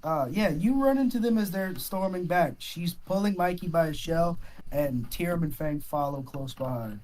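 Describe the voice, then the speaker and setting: A man narrating a tabletop game as dungeon master in a relaxed, rambling way. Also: fairly high pitch, normal speed. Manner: relaxed, with fillers and restarts.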